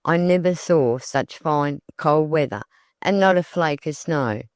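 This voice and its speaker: A playful, teasing young man from an old-fashioned audiobook tale, read by the narrator in an even, smooth voice, recorded in a dry, close space with no room echo. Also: medium pitch, measured pace, natural voice.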